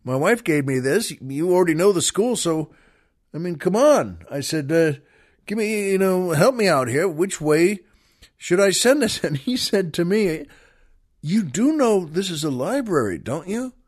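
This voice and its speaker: Older man, podcast host, rambling casual storytelling, laughs at his own anecdotes, slightly high voice. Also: animated, unhurried.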